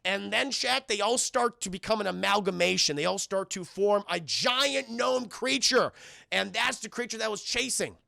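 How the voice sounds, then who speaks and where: A man streaming a casual, profane episode recap, animated and constantly addressing his chat. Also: high voice, normal speed, vocal fry, no echo, studio quality. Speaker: streamer and cartoon reviewer.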